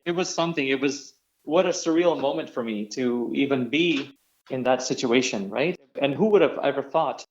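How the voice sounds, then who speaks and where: A middle-aged tabla player and singer, appearing as an interview guest, tells stories at normal speed in an ordinary mid-range voice. He animates them by acting out the voices he quotes, and the audio sounds dull and lo-fi, as over a remote call.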